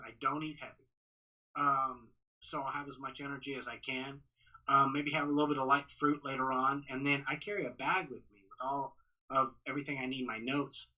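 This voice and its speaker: A man's voice: mid-range voice, rough recording. A man from Texas who works as a ring announcer, talking casually in a podcast interview, often restarting and repeating words. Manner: restarts, repeats words, talks fast and excited.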